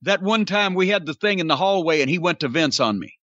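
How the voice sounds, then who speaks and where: An older man rants on a podcast in a high, bright voice, swearing freely and sarcastic throughout. The sound is dry and a little dull, close and without room echo. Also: animated, quick pace. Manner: profane, ranting, sarcastic storyteller. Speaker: podcast host. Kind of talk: casual podcast rant.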